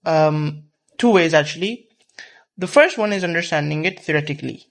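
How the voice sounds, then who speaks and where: A man's voice: fairly high pitch, normal speed, gravelly. A man teaching a whiteboard physics lesson, explaining patiently step by step and repeating key terms.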